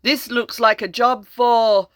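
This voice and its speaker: A grandmother voicing a fussy, panicky school principal with high, shrill exclamations in a storybook read-aloud. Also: fairly even intonation, slow, a bit bright, no echo, clean studio sound. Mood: panicked.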